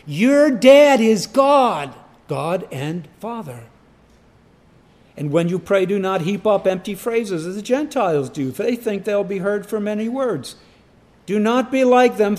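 Male preacher, high voice, slow and deliberate, emphatic with sudden loud cries. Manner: emphatic, repeats key phrases, rises to sudden loud cries. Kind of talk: sermon.

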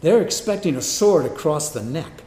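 A man's voice: on the high side, expressive, normal speed, mellow, echoey room, a little hiss or hum. A man preaching a sermon, reading scripture and acting out the characters with humor and drama. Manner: dramatic, acts out biblical voices with humor.

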